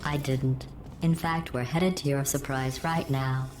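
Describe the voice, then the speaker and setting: A sarcastic female AI computer in a video game, low-pitched and robotic. She delivers cruelty in a deadpan, coldly polite way. The audio is echoey, with a steady ambient hum underneath. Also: a little slow. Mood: mocking. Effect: synthetic robotic voice filter.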